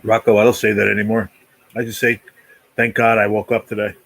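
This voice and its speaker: A man's voice: on the low side, level tone, a little fast, vocal fry, a bit bright, dry recording, rough recording. A man hosting a casual live stream, rambling easily and chatting while he eats. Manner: rambling, easygoing, talks while eating. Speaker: livestream host.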